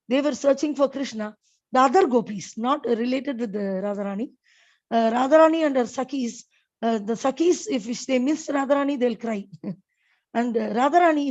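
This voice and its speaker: A woman's voice: high voice, darkish tone, muffled recording. A woman giving a devotional scripture class, telling stories with many fillers and restarts. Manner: storytelling with frequent fillers and restarts.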